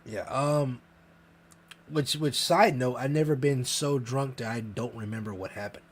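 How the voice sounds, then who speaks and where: A man telling a long, profane story in casual podcast chat, rambling and animated. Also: mid-range voice, measured pace, breathy edge. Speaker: podcast co-host.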